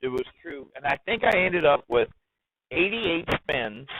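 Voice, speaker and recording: A man telling a story as an interview guest, animated and excitable as he talks. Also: a little high, a little slow, highs cut off. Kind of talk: casual storytelling.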